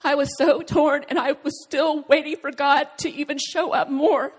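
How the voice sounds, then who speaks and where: A woman with a high voice tells a personal testimony, earnest and halting, with long pauses between phrases. Her voice rings out with the long reverb of a large hall. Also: flat delivery. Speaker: speaker sharing a personal testimony. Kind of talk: emotional spoken testimony.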